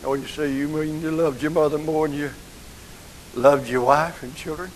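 An older man, preaching an emotional sermon that moves from soft, hushed passages to rising outcries. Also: fairly high pitch, fairly even intonation, normal speed, slight background noise, rough recording.

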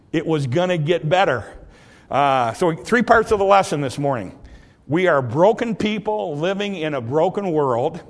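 Folksy preacher, higher-pitched man. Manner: folksy storytelling with frequent fillers and restarts; bursts into loud dramatic quotes. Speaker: pastor. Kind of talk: sermon.

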